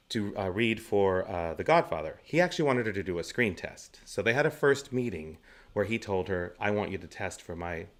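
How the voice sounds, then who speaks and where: Male actor, 40s, interview guest, lowish voice, anecdotal and laughing, gives practical stage tips. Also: a bit bright. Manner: chatty, laughs often between stories.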